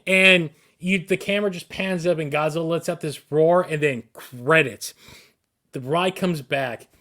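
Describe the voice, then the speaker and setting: A man co-hosting a podcast, recounting a story in an eager, rambling way. He trips over his words and restarts often. His voice sits a touch higher than most men's. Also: unhurried, sharp tone. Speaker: podcast co-host.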